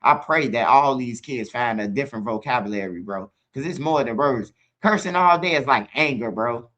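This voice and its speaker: Man, Chicago accent, channel host, casual profane storytelling, bright tense voice, mid pitch. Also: lively intonation, normal speed, dull audio. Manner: profane, rambling, fills lines with "bro"; talks straight to viewers, asks for comments.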